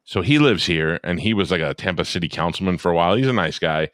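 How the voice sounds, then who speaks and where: A man's voice: deep voice, animated, fast, fairly bright tone, no room sound, studio quality. A middle-aged man co-hosting a podcast, bantering bluntly and profanely in casual chat. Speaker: podcast co-host.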